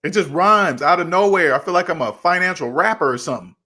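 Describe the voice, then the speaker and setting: Animated man acting out both sides of a chat. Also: fairly high pitch, quick pace. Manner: animated, acts out both sides of imagined conversations. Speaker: finance channel host. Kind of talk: casual livestream talk answering chat.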